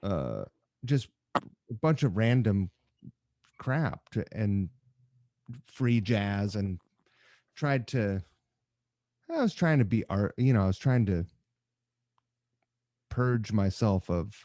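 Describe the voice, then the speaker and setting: A man hosting a podcast, asking curious questions and wandering into relaxed, rambling asides. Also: on the low side, slow, pauses often, no echo, clean studio sound. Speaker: podcast host. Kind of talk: casual interview.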